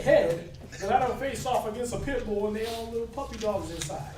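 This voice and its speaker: A man with a very high voice talks fairly quickly as he teaches a scripture class like an informal sermon, chatting conversationally and often checking in with "right?". The recording comes from far off in an echoey room.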